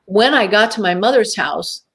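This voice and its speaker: A woman, a talk-show guest, recounts a personal experience in an emphatic, vivid way. She leans on dramatic pauses and acts out the voices in her own head. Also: mid-range voice, expressive, a bit bright.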